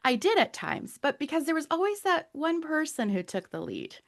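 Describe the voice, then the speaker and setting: A woman from Canada giving a motivational talk as a guest speaker, gentle and soothing. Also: sits high, big pitch swings, normal speed, vocal fry.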